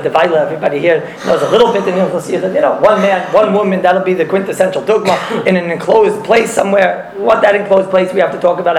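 A man teaching a spoken religious law class, animated and repeating his phrases, mixing in Hebrew and Yiddish terms. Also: high voice, vocal fry. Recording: echoey room with faint noise.

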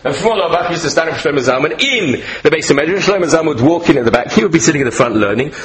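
An older man teaching a Torah class, animated and rhetorical, repeating phrases and mixing in Hebrew and Yiddish terms. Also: fairly high pitch, very fast, low-quality recording. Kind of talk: Torah lecture.

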